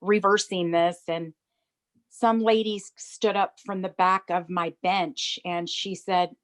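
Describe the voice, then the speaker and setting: A woman's voice: on the low side, steady tone, a little slow. A woman earnestly recounting a personal experience as a program client, acting out the dialogue as she tells it. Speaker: program client giving a testimonial. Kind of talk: emotional personal story.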